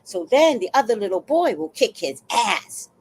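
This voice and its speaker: A woman spins a chaotic neighborhood tale straight to camera, her voice leaping up and down as she goes. She is blunt and swears freely, slipping in and out of the people she is describing. Her pitch sits in an ordinary middle range. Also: moderate pace, a little hiss or hum. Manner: animated, blunt and profane, acting out the people in her story. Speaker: vlogger. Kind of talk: casual storytelling monologue.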